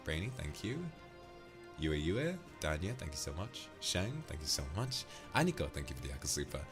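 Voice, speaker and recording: Low-voiced male streamer: flirty, swears, quick thank-yous to chat, soft music underneath. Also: big pitch swings. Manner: reads out donations with quick thanks, playful and flirty; swears freely and gets loud when ranting. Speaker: livestreamer. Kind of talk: casual livestream chat while gaming.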